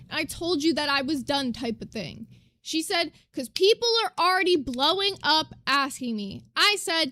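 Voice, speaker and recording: A woman's voice: high-pitched, pushed and bright, dry recording. A young woman streamer ranting to her live chat, emphatic, profane and indignant as she lays out her side.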